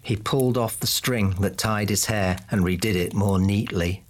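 A man narrating a fantasy audiobook in a steady, even way. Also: fairly low pitch, normal speed.

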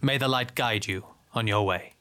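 An actor playing a solemn, earnest male lieutenant in an audio drama, measured and formal. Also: on the low side, sharp tone.

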